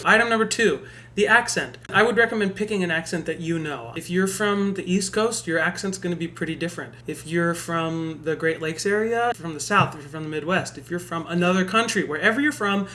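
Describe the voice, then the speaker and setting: Man, vocal tutor, bright timbre, offhand dry humor. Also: high voice, moderate pace. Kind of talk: casual video tutorial.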